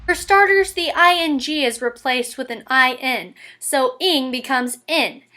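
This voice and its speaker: A woman's voice: high-pitched, measured pace, sharp tone. A woman hosting a scripted, tongue-in-cheek tutorial in a playful, upbeat way. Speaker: tutorial host.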